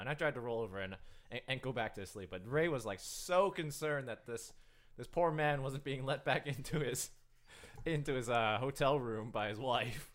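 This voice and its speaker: A man's voice: medium pitch, moderate pace, fairly bright tone. A young man co-hosting a casual podcast, telling stories with frequent stammers and repeated words. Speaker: podcast co-host. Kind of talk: casual chat among friends.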